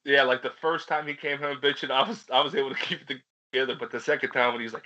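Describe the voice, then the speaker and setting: A man's voice: mid-range voice, steady tone, racing, bright, forceful tone, muffled recording. A young man, co-hosting a podcast and telling rambling, profane stories while laughing at himself. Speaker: podcast co-host. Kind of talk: casual storytelling chat.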